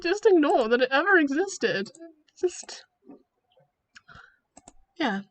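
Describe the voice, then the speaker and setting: A woman's voice: high voice, big pitch swings, slow pace, rough recording. A young woman streamer casually retelling her own fan fiction, giggly and self-mocking.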